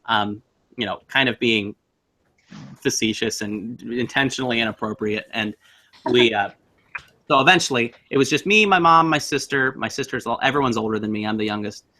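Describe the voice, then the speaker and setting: Young man, bright forceful tone, animated casual ghost-story teller. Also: medium pitch, moderate pace. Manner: animated, acts out voices in his story.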